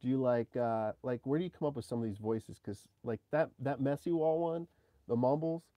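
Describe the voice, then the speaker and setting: A man's voice: medium pitch, normal speed, mellow, dry recording. A man hosting an interview, asking rambling questions in a casual, chatty way. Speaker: host. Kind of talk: casual chat.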